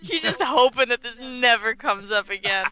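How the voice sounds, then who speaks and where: A woman in a casual podcast chat, talking in a relaxed, rambling way full of fillers. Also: on the high side, moderate pace, rough recording.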